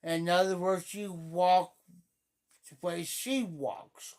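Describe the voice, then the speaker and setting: Middle-aged host, slow unhurried talk, mid-pitched voice, repeats lines, loud acted-out quotes. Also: fairly even intonation. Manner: repeats phrases, acts out quoted speech loudly. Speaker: livestream host. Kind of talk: casual storytelling on a livestream.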